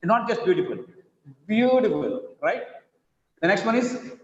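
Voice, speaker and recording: A man with an Indian English accent teaching an English pronunciation class online, speaking slowly and repeating words to model their stress. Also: high voice, expressive, fairly bright tone. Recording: echoey, dull online class audio.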